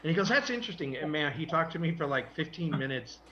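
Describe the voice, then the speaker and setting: A man's voice: fairly high pitch, fairly even intonation, quick pace, a bit bright, dull audio, a little hiss or hum. A man hosting a podcast, rambling through stories in casual chat and searching for names. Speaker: podcast host.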